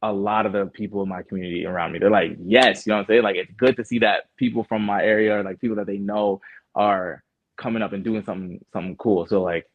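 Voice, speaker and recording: A man's voice: fairly low pitch, steady tone, fast, no echo. A young Canadian man, a guest artist, chatting in a laid-back way with lots of fillers and restarts. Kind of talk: casual interview chat. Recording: muffled phone-like sound.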